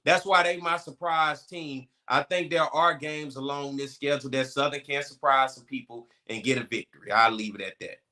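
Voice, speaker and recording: A man's voice: mid-range voice, moderate pace, hardly any pauses, sharp tone. A man co-hosting a sports talk show, speaking casually and folksily.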